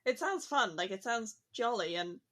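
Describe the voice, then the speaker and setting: A woman's voice: on the high side, expressive, moderate pace, pushed and bright. A woman talking casually on a podcast, musing aloud with lots of "like" fillers. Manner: chatty, musing, frequent "like" fillers.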